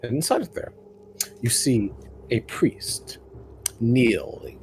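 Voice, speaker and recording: A man narrating as game master in a tabletop game, describing scenes slowly with fillers. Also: medium pitch, sing-song, a little mellow, a little hiss or hum.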